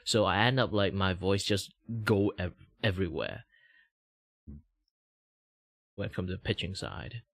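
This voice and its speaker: A man's voice: moderate pace, creaky, a bit bright, no echo, clean studio sound. A young man from Malaysia with a light British lilt on his Malaysian English chats casually on a livestream. He rambles and stretches out his words. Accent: Malaysian English with a slight British lilt. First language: Mandarin. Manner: rambling, jumps between high and low pitch. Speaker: VTuber streamer.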